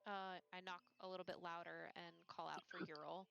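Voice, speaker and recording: A woman's voice: on the low side, level tone, brisk, vocal fry, fairly bright tone, soft background music. A woman playing a character in a tabletop game, playful and laughing often. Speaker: player. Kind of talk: tabletop role-play chat.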